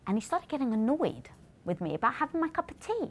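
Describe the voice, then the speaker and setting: A British woman in her forties, co-hosting a casual livestream and telling a story with lively acted-out quotes. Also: fast. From Britain. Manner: animated storytelling, acts out quotes with big pitch jumps. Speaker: co-host.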